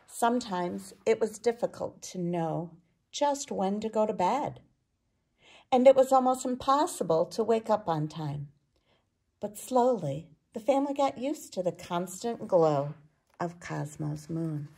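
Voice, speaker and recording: A woman reading a children's picture book aloud, expressive and unhurried. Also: mid-range voice, vocal fry. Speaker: children's storyteller.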